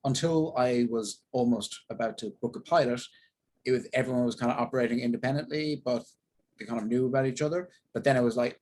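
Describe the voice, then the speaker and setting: Husky-voiced Irish man chatting candidly. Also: mid-range voice, fast talker, a little mellow, low-quality recording. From Ireland. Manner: candid, rambling, self-deprecating. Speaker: actor, interview guest. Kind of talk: casual interview talk.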